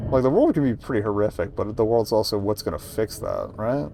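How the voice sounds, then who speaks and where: A man streaming a game, talking through it in wry, low-key asides. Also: lively intonation, brisk, darkish tone, slight background noise. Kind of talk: casual let's-play commentary.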